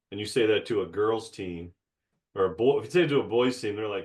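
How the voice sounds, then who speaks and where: A man co-hosting a casual podcast, talking in a halting way with many fillers and restarts. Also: lowish voice.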